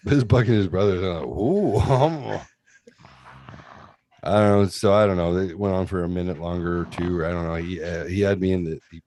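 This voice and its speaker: A young man on a podcast, telling a profane, rambling story in a casual, animated way. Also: low voice, quick pace, hardly any pauses. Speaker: podcast host.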